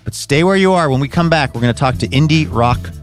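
A man's voice: on the high side, fast talker, faint music behind. A man hosting a radio show in a studio, reading show previews in an upbeat, conversational way.

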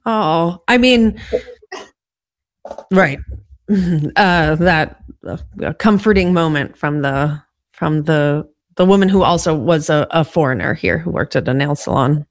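A woman's voice: low-pitched, a little slow, dry recording, clean studio sound. A woman hosting an interview who asks reflective, thoughtful questions. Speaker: podcast host.

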